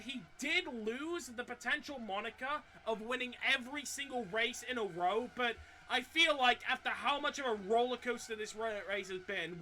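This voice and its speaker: A man commentating live on a sim racing league race, excitable and often stumbling over his words. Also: high voice.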